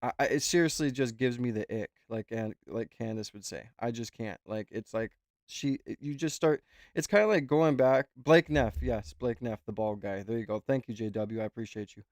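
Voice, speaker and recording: A man's voice: medium pitch, moderate pace, darkish tone, no echo. Male streamer, loose and profane, talks in circles, dry close mic. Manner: rambling, swears freely. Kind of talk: casual reaction chat.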